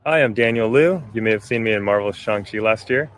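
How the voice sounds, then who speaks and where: A man's voice: on the low side, a little fast, no room sound. A male actor giving a short, sincere recorded message of thanks.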